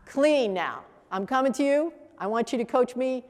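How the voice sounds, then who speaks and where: A woman teaching a coaching workshop, lively and laughing, repeating answers back to the room. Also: high-pitched, normal speed, long reverb tail. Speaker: coach trainer.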